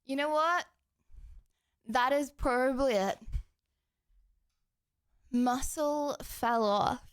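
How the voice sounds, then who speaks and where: Young woman, streamer, high voice, slow drawl, excitable, rambling. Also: clean tone. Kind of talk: casual livestream chat.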